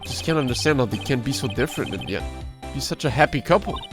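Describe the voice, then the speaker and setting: A man reading a game's dialogue aloud on a stream, relaxed and wry, his pitch moving freely. Game music sits clearly under his voice. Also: quick pace. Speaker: streamer playing a visual novel.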